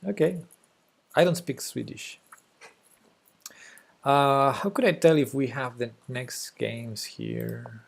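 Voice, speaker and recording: A young native Spanish speaker offers casual live-stream chess commentary in a Spanish accent, hesitating with fillers and soft laughs. He talks slowly at a medium pitch, pausing often, with vocal fry and a breathy edge.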